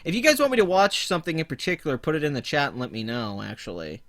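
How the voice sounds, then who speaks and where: A man's voice: on the high side, lively intonation, quick pace, a bit bright. A man casually chatting on a livestream, laid-back, rambling and profane. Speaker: livestream host.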